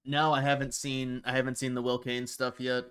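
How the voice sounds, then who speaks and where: Smooth and fairly bright, the mid-range voice of a man from Ohio carries a casual livestream where he answers viewer questions bluntly and ramblingly, with plenty of restarts.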